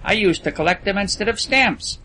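A man's voice: high-pitched, lively intonation, a little fast, bright, forceful tone, a little hiss or hum, pitched above the performer's own voice. A man voicing a boastful, scornful wealthy teenage boy in an audiobook reading. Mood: confiding. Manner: lofty, dismissive boasting.

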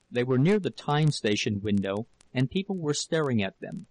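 Male audiobook narrator, steady measured reading, mid-range voice, dry close sound. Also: mid-range voice, no echo, low-quality recording. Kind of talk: scripted narration.

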